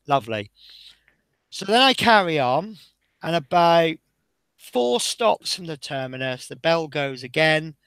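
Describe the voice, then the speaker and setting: A man's voice: fairly high pitch, big pitch swings, measured pace, a bit bright, clean tone, no room sound. A man chatting casually on a stream, telling stories from his bus-driving days in a chatty, anecdotal way and reading out comments as he goes. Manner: chatty anecdotal storyteller, reads out chat. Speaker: streamer building a model bus.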